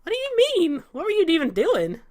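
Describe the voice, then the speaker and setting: A woman's voice: extremely high pitch, wildly swooping pitch, brisk, no echo, studio quality, voice pushed up, exaggerated voice. A woman voicing a fussy young man, talking in a flustered, exasperated way.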